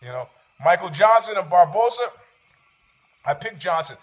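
A man's voice: high-pitched, lively intonation, moderate pace. A man, hosting a show, rambling about fights with sarcasm and freely dropping swear words. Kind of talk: casual chat about fights.

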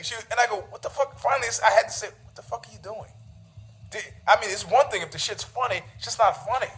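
High-voiced sarcastic man ranting. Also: quick pace, fairly bright tone, soft background music. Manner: profane, sarcastic, needling, laughs at own jokes. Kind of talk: casual storytelling rant.

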